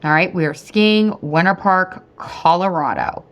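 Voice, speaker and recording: A woman in her thirties hosting a podcast, telling a story in a chatty, animated way and often talking straight to her listeners. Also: fairly low pitch, measured pace, clean tone. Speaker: podcast host and weight-loss coach. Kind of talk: casual storytelling monologue.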